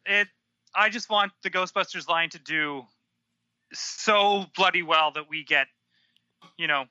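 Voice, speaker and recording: A man chatting casually as a podcast guest, easygoing and quick to laugh, heard over a dull lo-fi remote line. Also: high voice, pushed and bright, smooth, dry recording. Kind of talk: casual chat.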